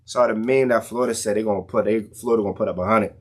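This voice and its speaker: A man's voice: fairly low pitch, very fast. A young man talking casually and ranting about college football in loose slang, his voice jumping up in heated outbursts. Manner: animated, slangy, rants with rising outbursts. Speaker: sports commentator vlogger. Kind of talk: casual sports rant.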